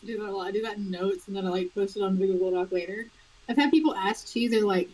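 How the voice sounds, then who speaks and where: A young adult woman, an author, chatting in a casual interview, animated and quick to laugh. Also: mid-range voice, poor audio. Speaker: author guest.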